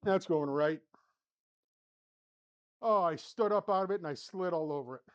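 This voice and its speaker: His voice is high and clean, his speed normal, and the audio somewhat dull. He hosts a sim golf channel, narrating his own round shot by shot from his home golf simulator studio, muttering and bouncing between flustered and upbeat in casual play-by-play.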